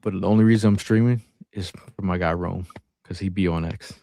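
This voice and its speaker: A man hosts a live sports talk stream as a podcast host, chatting in a laid-back way and reading out viewer chat comments. His deep, warm voice is steady, creaky and fairly quick, captured in clean studio sound with no room echo.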